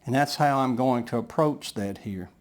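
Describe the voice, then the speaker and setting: A man's voice: mid-range voice, normal speed. A man teaching a math lesson, talking patiently through each step of his working aloud.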